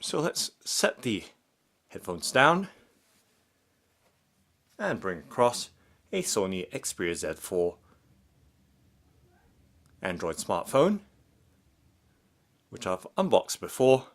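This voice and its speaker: Man, product reviewer, slow deliberate delivery, lively rising and falling pitch, low voice. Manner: slow, methodical step-by-step narration. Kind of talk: unboxing demonstration narration.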